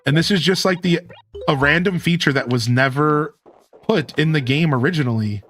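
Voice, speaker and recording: Male streamer, slightly high and lively voice, casual rambling commentary over faint game music. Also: moderate pace. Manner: relaxed, rambling, many fillers like "like".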